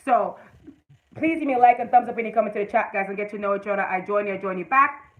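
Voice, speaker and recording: A woman's voice: mid-range voice, fast, narrow, tinny audio. A woman hosting a casual livestream, giving motivational advice and greeting viewers by name. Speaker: livestream host.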